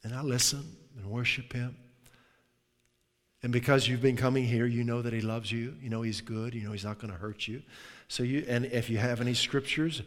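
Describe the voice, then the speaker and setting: A man preaching in a conversational, animated way, sometimes dropping to a hushed tone. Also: mid-range voice. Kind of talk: sermon. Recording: long hall reverb.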